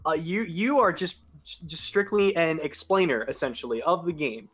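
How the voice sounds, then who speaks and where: A man's voice: fairly high pitch, moderate pace, a bit bright. A young man in casual podcast chat, talking in an earnest, rambling, self-doubting way. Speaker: podcast guest and sports announcer.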